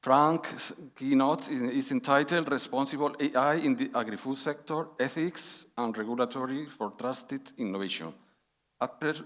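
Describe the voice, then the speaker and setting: A man chairing a conference session, reading out a speaker's introduction haltingly. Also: mid-range voice, fairly bright tone. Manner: halting, many fillers and restarts. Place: conference hall.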